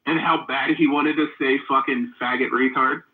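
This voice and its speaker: A man's voice: medium pitch, steady tone, normal speed. A man in a heated casual debate in a live chat room, needling his opponent bluntly and with profanity. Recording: phone-like narrow audio.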